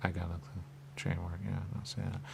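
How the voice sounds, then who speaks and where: Here a radio talk host rambles in a stream-of-consciousness monologue, voice low-pitched, gravelly and a little mellow. His delivery is completely flat and fairly quick. He repeats "there you go" constantly and drifts into whispers, and there's a little hiss or hum in the background.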